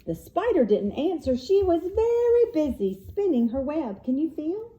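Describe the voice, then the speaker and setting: Animated woman reading to a toddler. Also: high voice, moderate pace, hardly any pauses, muffled recording, a little hiss or hum. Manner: animated sing-song storytelling with gasps and animal sounds. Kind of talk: reading a picture book aloud to a toddler.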